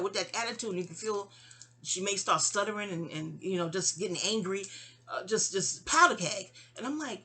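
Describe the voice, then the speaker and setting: Brief: bright-voiced woman, rambling personal storyteller, stammering restarts, side asides. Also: mid-range voice, animated, a little fast. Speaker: memoir storyteller.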